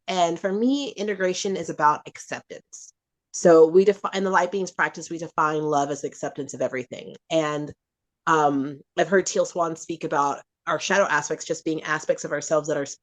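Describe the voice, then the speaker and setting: Woman podcast guest, lower pitch, casual and lively delivery. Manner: animated, acts out voices in high pitch. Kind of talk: casual spiritual chat.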